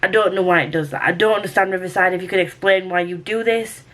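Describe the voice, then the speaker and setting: A young woman talking casually to camera in a weekly reading vlog, chatty and rambling with quick asides. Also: lowish voice, fairly bright tone. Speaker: book vlogger.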